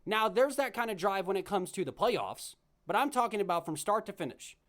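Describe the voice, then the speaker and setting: A young man hosts a solo sports podcast, rambling and chatty, often doubling back on his words. His voice sits a little high for a man. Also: expressive, fairly quick, a bit bright. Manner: chatty, rambling, repeats himself and restarts. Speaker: podcast host.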